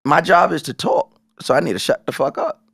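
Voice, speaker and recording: A man's voice: fairly high pitch, fairly quick, creaky, husky, no room sound, clean studio sound. A man co-hosting a podcast, telling a story in casual chat, swearing freely and acting out what people said. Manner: animated storytelling, profane, acts out quoted voices. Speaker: podcast co-host.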